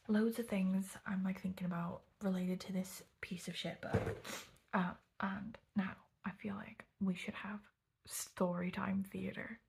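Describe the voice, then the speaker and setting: A woman's voice: medium pitch, level tone, a little slow, gravelly, a little mellow, a little hiss or hum. A woman whispering a chatty, swearing storytime at home late at night. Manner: chatty, swearing, lots of "like" and "okay?". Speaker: vlogger.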